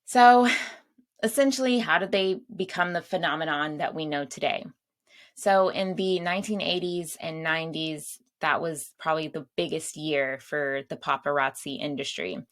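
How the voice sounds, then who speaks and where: A woman's voice: low voice, moderate pace. A woman hosting her own show, chatting casually and laughing at her own asides. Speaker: podcast host. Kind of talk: casual solo chat.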